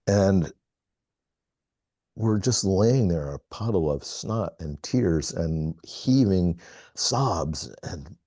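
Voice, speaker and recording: A middle-aged man on a video call, telling a personal story in a halting, reflective way with many pauses. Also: low voice, warm tone, no room sound. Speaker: call participant. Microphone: video call mic.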